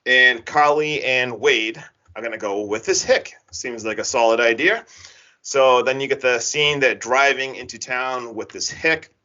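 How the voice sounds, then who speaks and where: A man casually retelling a horror film's plot on a podcast, rambling and animated with lots of filler words. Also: medium pitch, unhurried. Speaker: podcast co-host recapping a horror film. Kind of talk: casual chat. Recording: dull lo-fi podcast audio.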